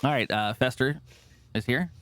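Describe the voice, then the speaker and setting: A man's voice: mid-range voice, normal speed, fairly bright tone. A man hosting a livestream, chatting casually and profanely in a rambling way over gameplay. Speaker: streamer host. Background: game music.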